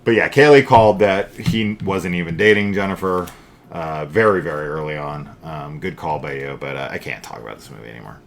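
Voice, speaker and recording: A man co-hosting a casual horror film review, animated and profane as he rants about a movie. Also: a bass voice, a little fast, vocal fry, a little hiss or hum. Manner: animated and profane, ranting, mimics scenes loudly.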